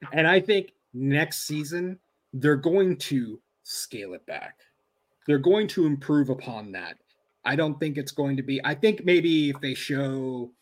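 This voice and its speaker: A man co-hosting a podcast in casual chat, thinking aloud with frequent restarts. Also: on the high side. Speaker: podcast co-host.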